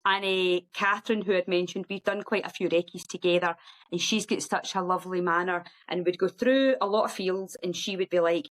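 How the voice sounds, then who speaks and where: A middle-aged woman, a guest on a podcast, telling a story in a lively, animated way and acting out other people's voices. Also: a little fast, rough recording. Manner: lively, acts out quoted voices in a high sing-song. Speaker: guest ultra runner.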